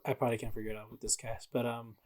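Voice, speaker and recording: A man's voice: medium pitch, flat delivery, very fast, a little mellow. A man co-hosting a casual podcast, talking through a video game with lots of fillers and laughs. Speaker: podcast co-host.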